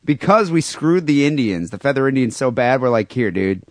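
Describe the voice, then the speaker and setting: A man's voice: medium pitch, expressive, a little fast, no echo, studio quality. A man co-hosting a casual podcast, talking offhandedly and irreverently, often repeating words as he starts a thought. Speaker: podcast co-host.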